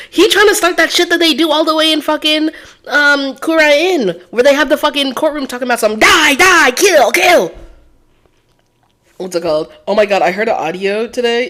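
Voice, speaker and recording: A woman's voice: medium pitch, a bit bright. A woman streamer giving casual live gameplay commentary, blunt and profane, full of slang and laughter.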